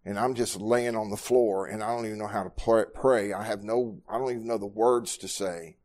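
A man, preaching a sermon at a Bible study, telling personal stories earnestly and moving from quiet, low passages to loud, raised ones. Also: moderate pace. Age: 60s. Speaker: pastor.

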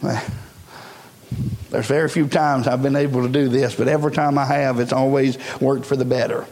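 A man preaching a sermon in a conversational way, full of fillers, now and then rising to a shout. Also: medium pitch, steady tone, normal speed, big-room sound.

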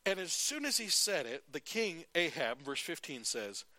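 A man preaching a sermon, retelling a Bible story and acting out its characters in lively, conversational bursts. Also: fairly high pitch, moderate pace, dry recording. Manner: animated, acts out the Bible characters in his retelling.

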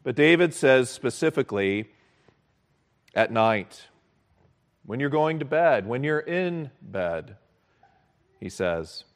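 A man preaching a sermon as pastor, earnest and measured, repeating key phrases for emphasis. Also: mid-range voice, animated.

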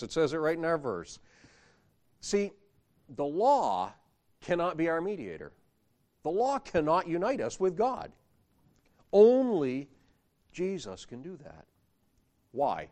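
A man delivers a sermon in an animated way, his pitch swinging widely as he drives home each point. He reads scripture aloud and builds to stressed phrases before dropping back down. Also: slow pace, pauses often. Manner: animated preaching with rising emphasis, reading scripture aloud. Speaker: preacher.

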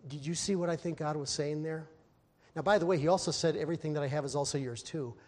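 A man preaching in a somewhat high voice, his words trailing into a long hall reverb. He retells the story with lively energy, raising his voice when he acts out the characters. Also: fast. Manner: animated storytelling, acting out the characters in raised voice. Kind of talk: sermon.

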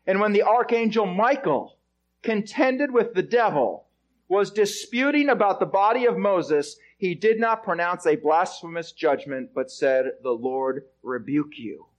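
A man's voice: sits high, lively intonation, measured pace, highs cut off. A male pastor preaching an expository sermon, stressing his points and asking the congregation rhetorical questions.

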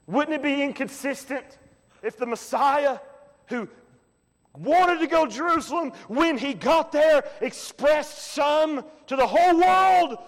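A man with a notably high voice preaches a sermon at an unhurried pace. He builds to shouted emphasis, and a long hall reverb trails every phrase in the church. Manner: impassioned preaching, bursts of shouting. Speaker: pastor.

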